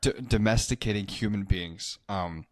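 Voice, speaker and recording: A man with a fairly low voice talks through a horror movie with his co-host, crude and quick to joke. The sound is close and dry, with no room around it. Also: dry recording. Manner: crude, joking, animated storyteller. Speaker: podcast co-host. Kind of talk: casual movie review chat.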